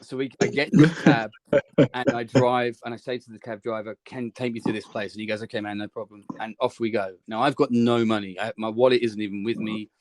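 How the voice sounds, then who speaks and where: A man's voice: medium pitch, brisk. English man telling a rambling story. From England. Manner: rambling, lively anecdotes with many restarts. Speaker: musician guest. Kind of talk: storytelling in interview.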